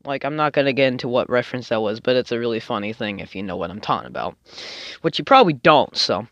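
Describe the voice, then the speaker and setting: A man's voice: medium pitch, very animated, quick pace, a bit bright, no echo. A young man rambling through a personal story in a casual, filler-heavy way, swearing often. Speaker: storytime vlogger. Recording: dull lo-fi dry sound.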